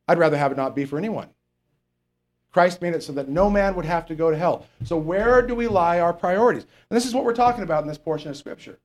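A pastor delivers a conversational sermon, rambling and cracking jokes while reading the Bible, occasionally losing his place and stressing key points. His voice sits high and he talks fairly quickly.

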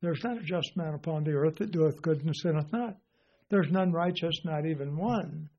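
A man's voice: a little high, normal speed, slight background noise. An older man teaching the Bible in an informal sermon, rambling and folksy with lots of fillers. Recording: dull lo-fi recording.

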